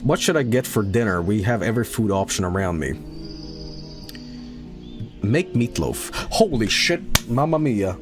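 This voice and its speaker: A man streaming a game, chatting casually and rambling through a story, swearing and laughing loudly. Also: on the low side, very animated, a little slow, long pauses, over music. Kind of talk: casual live-stream chat while gaming.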